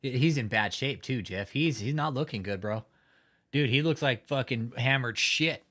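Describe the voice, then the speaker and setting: A man hosts a casual livestream at an ordinary, mid-range pitch. He talks loosely, swears constantly and mocks his target with frequent bursts of laughter while reading out viewer comments. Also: normal speed, fairly bright tone. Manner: profane, mocking, laughs often. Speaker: livestream host.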